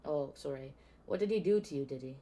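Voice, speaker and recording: A man voicing a blustering, bad-tempered middle-aged man with a gruff, barking delivery. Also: fairly high pitch, brisk, warm tone, natural voice. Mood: angry.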